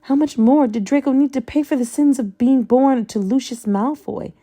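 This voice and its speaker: A woman narrating a fanfiction audiobook in a slow, measured storytelling way. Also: high-pitched, mellow.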